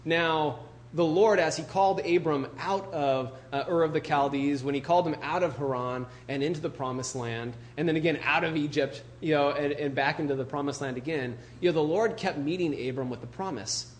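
A man's voice: on the high side, fairly quick, few pauses, a little hiss or hum. A male pastor preaching a casual, joking sermon and reading scripture, full of "you know" and "like".

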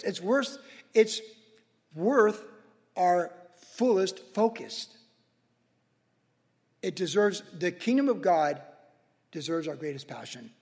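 A man pastor preaching a sermon in a church, energetic and casual, with slang. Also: high-pitched, big-room sound. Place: church sanctuary with congregation.

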